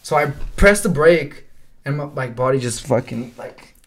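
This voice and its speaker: A man's voice: medium pitch, lively intonation, normal speed, slight background noise. A young man telling laid-back stories on a podcast, swearing often, saying "bro" a lot and laughing as he goes. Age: young adult. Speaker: podcast co-host. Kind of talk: casual storytelling chat.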